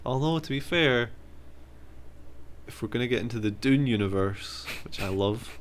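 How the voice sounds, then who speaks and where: A man's voice: mid-range voice, animated, moderate pace, slight background noise. A man with a Scottish accent, co-hosting a podcast in casual, joking, sweary banter. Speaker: podcast co-host. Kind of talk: casual chat.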